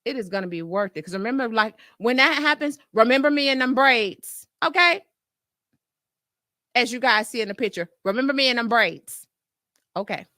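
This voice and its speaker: Woman, nurse host, casual storytelling, calls listeners y'all, bright tone, dry sound. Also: sits high, no room sound. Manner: lively, chatty, addresses listeners as y'all; acts out her own past reactions in quoted asides.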